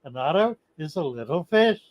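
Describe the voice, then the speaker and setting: A man's voice: fairly high pitch, big pitch swings, moderate pace, darkish tone, low-quality recording. An older man putting on a Danish accent while reading viewer comments aloud. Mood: playful.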